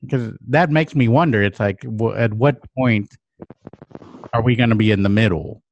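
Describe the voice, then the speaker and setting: A man hosting a podcast, thinking aloud in a relaxed, reflective way and acting out little inner quotes. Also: medium pitch, normal speed, dull audio, a little hiss or hum. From United States. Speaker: podcast host. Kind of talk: casual reflective chat.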